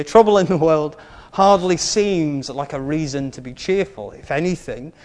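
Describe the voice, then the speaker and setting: A man's voice: on the high side, a little mellow, long reverb tail. A male preacher giving a sermon in an earnest way, stressing his key points and adding wry asides.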